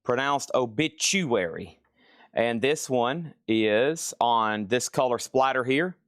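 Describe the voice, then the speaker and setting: A middle-aged man hosting a live record sale stream, listing items and calling bids in a brisk, casual patter from a record store. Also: mid-range voice, fairly bright tone, clear, resonant tone, no echo, studio quality. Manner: brisk auctioneer-style listing, casual asides. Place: record store with crates and tables.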